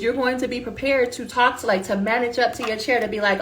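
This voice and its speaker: A woman dissertation coach giving a casual motivational pitch, colloquial and emphatic, talking straight to her listeners. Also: fast, few pauses, a bit bright, soft background music.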